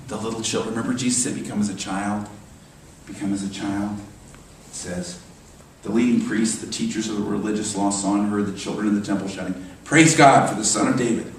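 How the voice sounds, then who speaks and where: A man delivering a sermon as a minister, animated and emphatic, often repeating his phrases. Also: on the low side, a little hiss or hum. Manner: animated, emphatic preaching with repetitions. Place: church sanctuary. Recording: echoey church hall from far off.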